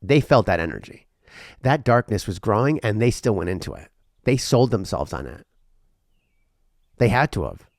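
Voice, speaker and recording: A male podcast host talking alone, earnest and rambling, with a lot of repeated words, going from intense to quiet and emotional. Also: lowish voice, very animated, moderate pace, vocal fry, pauses often, dry recording, studio quality. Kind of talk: reflective solo podcast monologue.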